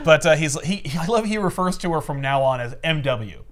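A man casually recapping a comic book with friends, acting out the characters in quick voices. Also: a little high, animated, a little hiss or hum. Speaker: comic podcast co-host.

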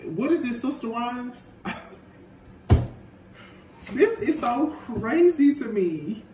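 A man with a high voice gives an animated, gossipy tarot reading and keeps breaking into laughter. His voice echoes around a roomy space. The mic sits some distance away and picks up a faint hiss. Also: slow pace. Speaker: tarot reader. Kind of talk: casual tarot reading monologue.

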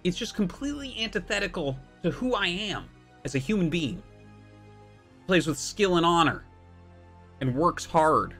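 A man in his thirties ranting live on stream, swearing freely and sounding fed up with his opponents and chat. His pitch leaps and dips through a lively, animated delivery. Faint game music plays softly behind his close desk mic. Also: moderate pace, pauses often, husky. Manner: ranting, exasperated, heavy swearing. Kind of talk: live-stream commentary while playing.

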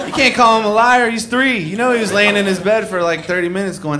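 A young male stand-up comic with a somewhat high voice, telling stories into a handheld mic on a club stage. He slips into little voices for the kids and pushes up loud for the punchlines. It is a live recording, with steady crowd noise and laughter behind him. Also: fast, few pauses. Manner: conversational storytelling, acts out kids and shouts punchlines. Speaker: stand-up comedian. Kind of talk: stand-up comedy set. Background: audience laughter.

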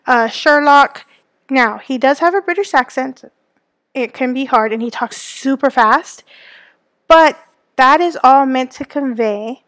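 High-voiced woman teaching a lesson. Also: no room sound. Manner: explanatory, checks in with "okay?" and "right?". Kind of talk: recorded classroom lesson.

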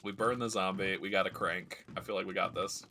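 A man's voice: sits low, fairly even intonation, a little fast, pushed and bright, slight background noise. A man streaming a video game, chatting casually and rambling through stories as he plays. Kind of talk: casual gameplay commentary.

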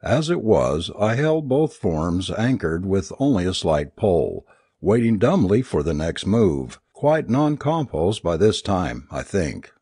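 A man narrating a first-person story aloud in a dramatic, expressive reading. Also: sits low, slow pace, husky, no room sound, clean studio sound. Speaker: audiobook narrator.

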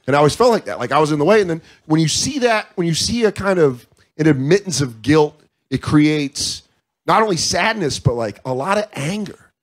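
Guest: man, somewhat high voice, frank and profane, casual chat. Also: expressive, fairly quick. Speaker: comedian guest. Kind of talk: candid casual interview talk. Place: comedy club.

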